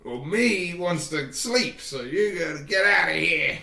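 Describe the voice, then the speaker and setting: A man voicing a grumpy, sleepy male adventurer who grumbles gruffly in crude, ungrammatical speech. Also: on the high side, animated, measured pace, bright, forceful tone, voice pushed up, heavily acted. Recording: echoey room, far from mic.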